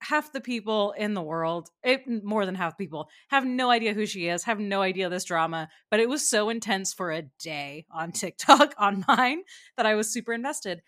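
A woman in casual chat, telling a gossipy story with lively, animated delivery. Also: medium pitch, moderate pace.

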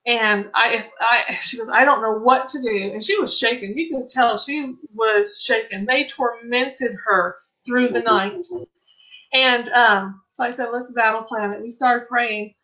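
Bright-voiced woman telling an earnest faith story. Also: a little high, a little slow, lo-fi sound. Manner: earnest storytelling with frequent restarts and quoted dialogue. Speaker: Christian ministry speaker. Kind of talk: testimony-style faith talk.

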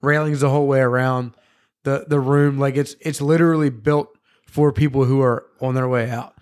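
Man, podcast host, mid-pitched, jokey, curses freely, casual chat. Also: steady tone, normal speed, darkish tone. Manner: joking, swears freely.

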